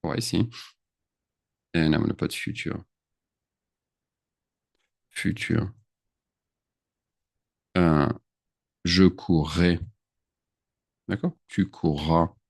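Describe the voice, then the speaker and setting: A man, his voice pitched very low, teaches a grammar lesson in a loose, chatty way. He thinks out loud and drops words into his English. The sound is dry and close, with no room echo. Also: steady tone, extremely slow, vocal fry, long pauses. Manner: chatty, thinks aloud, mixes French into English. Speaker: French teacher. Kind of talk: screen-share grammar lesson.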